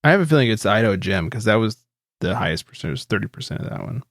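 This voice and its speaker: A man's voice: lowish voice, animated, fast talker, creaky, fairly bright tone, no room sound, studio quality. A man co-hosting a casual podcast chat. He is laid-back, laughs often and swears freely. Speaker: podcast co-host.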